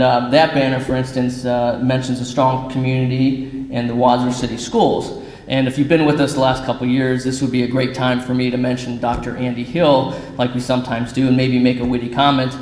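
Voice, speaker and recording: A man's voice: mid-range voice, darkish tone, slight background noise. Male official, plain and joking, echoey hall with long reverb. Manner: lightly joking, plain-spoken. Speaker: city service director. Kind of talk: public address. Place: large hall.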